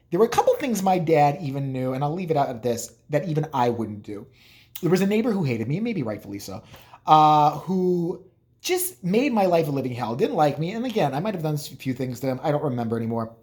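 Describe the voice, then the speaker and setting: A man's voice: fairly high pitch, very animated, quick pace, dark tone. A man vlogging casually, telling rambling, profane, joking stories about his family. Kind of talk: casual storytelling.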